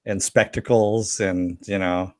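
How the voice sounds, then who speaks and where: A low-voiced man in casual podcast talk, laughing easily and swearing offhandedly. The sound is dry and close, with no room echo. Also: fairly even intonation, slow. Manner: laughs often, reads out viewer comments, swears casually. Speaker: podcast co-host. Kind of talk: casual chat reviewing a TV episode.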